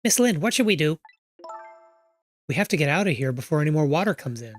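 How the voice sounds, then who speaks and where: A streamer voicing an eager, excitable little male dog in a game read-through, talking fast and high. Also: soft background music, lightly acted.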